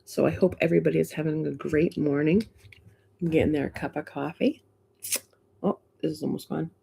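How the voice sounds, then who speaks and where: A woman's voice: deep voice, steady tone, fairly quick, gravelly, mellow, slight background noise. A middle-aged woman with a Boston accent, hosting a live stream in casual chat, greeting viewers and laughing often.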